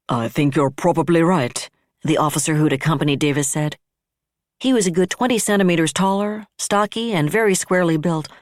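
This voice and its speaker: An audiobook narrator giving steady, even scripted narration. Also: medium pitch, dry recording, clean studio sound.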